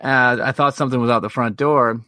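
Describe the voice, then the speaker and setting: A man's voice: medium pitch, steady tone, a little fast, bright, forceful tone, no echo, clean studio sound. A man co-hosting a podcast, telling a long, profane story in casual chat. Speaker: podcast co-host.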